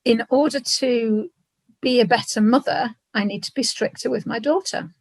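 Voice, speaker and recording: Woman, guest, reflective, halting, emotional, airy voice, high-ish. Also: no room sound. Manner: reflective, halting, tearful at times. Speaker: podcast guest. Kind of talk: emotional personal conversation.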